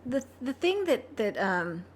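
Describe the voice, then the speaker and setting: A middle-aged woman co-hosting a podcast in casual chat, joking and quick with wisecracks. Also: on the high side, very animated, slight background noise. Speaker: podcast co-host.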